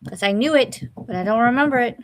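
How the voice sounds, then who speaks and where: A woman's voice: a little high, lively intonation, fast talker. A woman co-hosting a livestream, chatting casually and mostly giving short agreeing replies. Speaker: livestream co-host. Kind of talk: casual chat.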